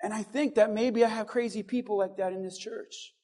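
A man with a very high voice preaches a sermon to his church. He stacks up rhetorical questions and leans on dramatic pauses, dropping low and quiet, then rising again. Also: steady tone. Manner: strings of rhetorical questions, dramatic pauses, swings between hushed and loud. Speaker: pastor.

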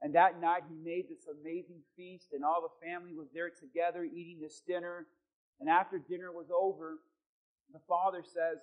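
A male pastor preaching to his congregation. He moves from a quiet prayer to a loud, stirring sermon. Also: on the high side, fairly even intonation, moderate pace, narrow, tinny audio. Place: church in front of a congregation.

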